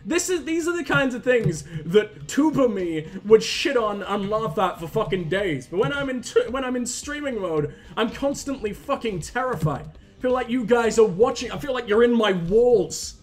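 A man's voice: extremely high pitch, animated, normal speed. A man streaming a video game, talking through it with profane jokes and rambling asides. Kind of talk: live gameplay commentary. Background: faint game music.

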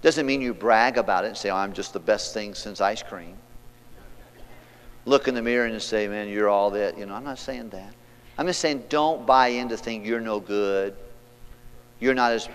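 A man preaching a sermon as pastor, reading scripture aloud and leading the congregation, moving between loud preaching and hushed passages. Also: medium pitch, normal speed. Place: church sanctuary. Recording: long hall reverb, church sanctuary.

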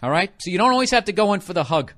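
A man's voice: high voice, very animated, racing, fairly bright tone. A man in his forties from the United States, a comedian hosting a podcast, delivering a profane, sarcastic rant. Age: 40s. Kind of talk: ranting comedic monologue.

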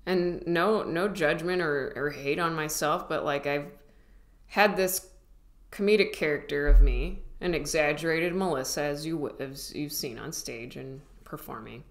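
A woman's voice: low voice, a bit bright. A woman comedian in her thirties chatting casually to her viewers, rambling and self-mocking, with many restarts. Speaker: comedian vlogger. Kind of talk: casual rambling vlog chat.

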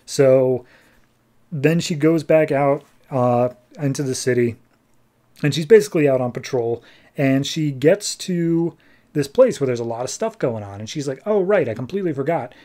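A man's voice: mid-range voice, measured pace, mellow. A man hosting a podcast, casually recapping a comic issue in a jokey, wry way. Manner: jokey, wry, acts out quotes. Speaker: podcast host.

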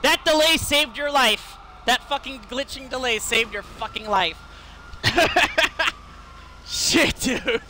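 A man streaming an online game, excitable, swearing and laughing often as he plays. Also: extremely high pitch, takes it slowly, slight background noise. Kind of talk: rowdy live gaming chat.

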